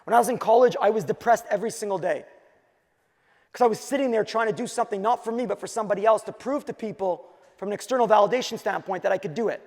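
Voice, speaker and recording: Male conference speaker from Quebec, high raspy-fried voice, energetic storytelling, hall reverb. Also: fast talker. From Quebec, Canada. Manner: energetic storytelling, punchy short phrases. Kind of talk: keynote talk on stage.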